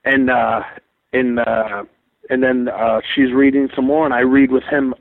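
A man's voice: mid-range voice, unhurried, gravelly. Profane man telling stories over a phone line. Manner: animated and profane, acts out quoted dialogue. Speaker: comedian calling in as a guest. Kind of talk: casual anecdote telling.

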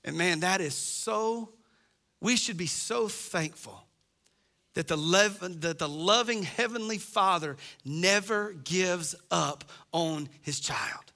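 A man's voice: sits high, takes it slowly, pushed and bright. A middle-aged man preaching a sermon as pastor, impassioned and acting out the voices he quotes.

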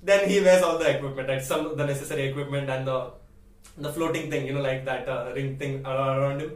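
A man's voice: mid-range voice, steady tone, a little fast, reverberant, far from the mic. A young man in his late teens telling a story casually as a vlogger, chatty, laughing often and asking "right?" again and again.

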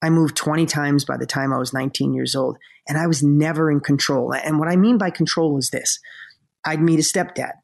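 A man's voice: on the high side, fairly even intonation, brisk, vocal fry. A middle-aged man co-hosting a podcast, telling a personal story in an earnest, emotional way, close to tears. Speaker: podcast co-host.

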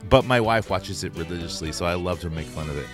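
A middle-aged man hosting a podcast, joking and swearing, often trailing off quietly. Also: low voice, fast, soft background music. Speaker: podcast host. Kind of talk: casual podcast banter.

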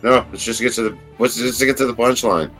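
A man's voice: medium pitch, fairly quick, a bit bright, faint music behind. A man co-hosting a casual podcast, laid-back and joking crudely. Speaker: podcast co-host.

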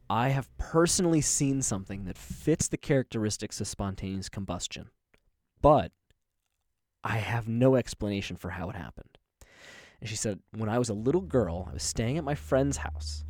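A man's voice: on the low side, lively intonation, normal speed, no room sound, clean studio sound. A young man co-hosting a podcast, telling stories in a rambling, casual way with easy swearing and laughter. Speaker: podcast co-host. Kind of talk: casual chat, storytelling.

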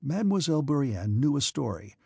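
Gravelly, husky male audiobook narrator. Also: mid-range voice, sing-song, brisk, warm tone, dry recording, clean studio sound.

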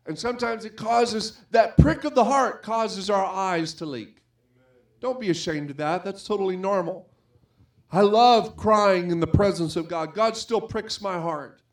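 A man's voice: high voice, measured pace. A middle-aged man preaching a sermon as pastor, earnest and conversational, telling personal stories.

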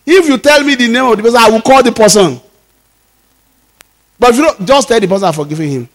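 A man's voice: very high-pitched, fairly quick. A male pastor, preaching a sermon emphatically, repeating phrases and acting out little dialogues.

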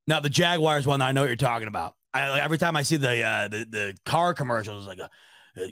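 A man's voice: medium pitch, fast, pushed and bright, dry recording, studio quality. A young man from the Rochester, New York area, hosting a casual sports talk show, rambling, correcting himself and swearing freely. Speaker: sports podcast host. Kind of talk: casual chat with live chat readers.

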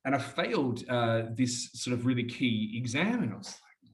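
An Australian man talks at an ordinary, middle pitch and tells stories in long, rambling runs. He is casual and chatty, and he keeps calling the listener "mate". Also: animated, fairly quick. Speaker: interview guest. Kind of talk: casual storytelling chat.

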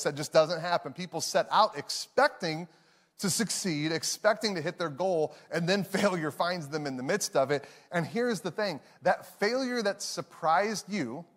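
A man preaching a sermon as a pastor, animated and emphatic, often repeating key phrases. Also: on the high side, big-room sound.

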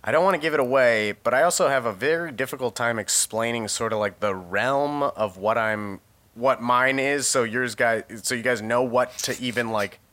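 A man rambles through a joking podcast story, his voice bright and forward. He talks casually and laughs easily. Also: mid-range voice, moderate pace. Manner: jokey, rambling, laughs often. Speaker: podcast co-host. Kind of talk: casual chat.

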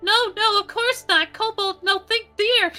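Woman voicing a squeaky childlike dragon creature. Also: a little slow, bright, forceful tone, soft background music, exaggerated voice. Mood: emphatic. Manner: broken third-person speech. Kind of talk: tabletop role-play.

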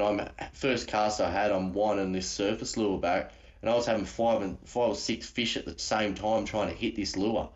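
A man's voice: on the low side, steady tone, moderate pace, lo-fi sound. An Australian man calling in as a guest, telling a story in a rambling, slangy way with many restarts. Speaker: guest caller. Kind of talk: casual storytelling.

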